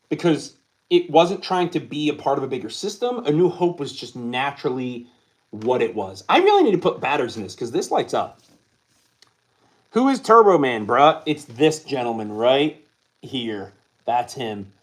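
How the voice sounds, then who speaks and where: Animated young man hosting a live stream. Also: a little high. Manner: reads viewer questions aloud and answers with many ums and uhs. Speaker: livestream host answering chat questions. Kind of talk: casual live-stream chat.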